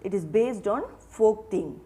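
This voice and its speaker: A woman gives a literature lesson at an unhurried pace. Her voice is warm and mellow, with an even middle pitch. She poses questions to the listener and answers them herself, often restarting and repeating herself. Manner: slow, repeats names and restarts phrases while explaining. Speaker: teacher.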